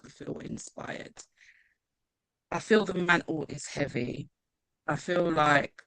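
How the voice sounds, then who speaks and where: A woman author speaking at her own book launch on a video call, emotional and halting, laughing now and then. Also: low-pitched, creaky, fairly bright tone, no echo. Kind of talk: casual video call chat.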